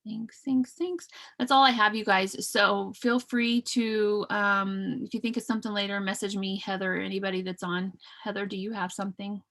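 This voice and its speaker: Bright-voiced woman in her thirties. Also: medium pitch, flat delivery, normal speed, few pauses. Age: 30s. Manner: earnest, chatty, many fillers and restarts. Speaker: team leader hosting a business call. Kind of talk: casual motivational talk on a video call.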